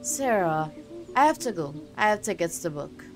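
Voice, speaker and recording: A woman reading the lines of a quiet, firm young pregnant woman in a game, soft and apologetic. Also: medium pitch, very animated, moderate pace. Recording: game music behind.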